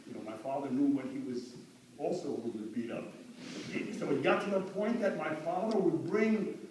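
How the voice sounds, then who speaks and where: A man's voice: on the high side, moderate pace. Man giving a funeral eulogy in a hall. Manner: earnest, mixes Yiddish and Hebrew phrases, rises to fervent emphasis. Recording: echoey hall from far off, faint hum.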